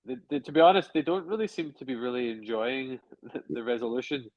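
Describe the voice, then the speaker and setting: A man's voice: mid-range voice, a little fast, no room sound. A man co-hosting a casual review podcast, chatty and hedging as he thinks aloud. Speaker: podcast co-host. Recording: dull lo-fi dry sound.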